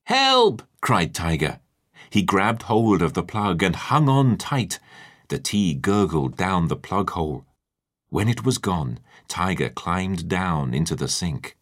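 A man narrating a children's storybook in a lively, expressive way. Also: sits low, takes it slowly.

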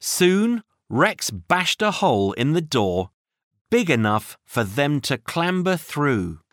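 A narrator reading a children's audiobook with slow, expressive storytelling. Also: mid-range voice, dry recording, studio quality.

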